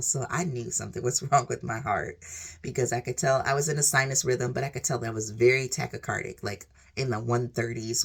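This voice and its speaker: A woman's voice: very deep voice, gravelly, breathy edge. A woman vlogger sharing a personal testimony in an earnest, rambling way, leaning on "like" and "literally". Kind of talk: emotional personal storytelling.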